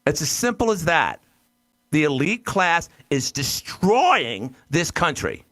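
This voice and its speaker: A man's voice: on the high side, big pitch swings, slow, a bit bright. An American man hosting a call-in radio show, blunt and exasperated, often cutting in on callers. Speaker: radio talk show host.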